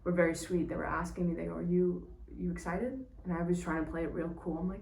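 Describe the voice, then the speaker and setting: Woman, casual storyteller, lowish voice, distant mic, roomy echo, faint background hum. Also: vocal fry. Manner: lively, quick, with small laughs and restarts. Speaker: stage manager and technician.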